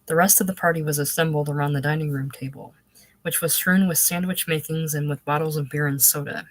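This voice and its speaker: A woman narrating a literary novel in a measured, even manner. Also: deep voice, dry recording, poor audio. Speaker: audiobook reader.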